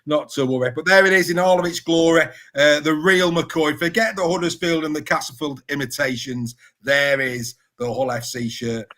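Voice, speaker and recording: A man's voice: on the high side, fairly even intonation, moderate pace, few pauses, a bit bright. A man hosting a casual rugby panel chat, teasing his co-hosts with jokey banter. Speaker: host.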